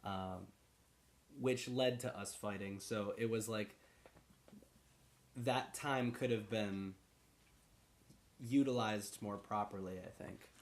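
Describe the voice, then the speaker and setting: A man co-hosting a podcast in relaxed, rambling casual chat, laughing easily. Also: lowish voice, slow pace, pauses often, slight background noise. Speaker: podcast co-host.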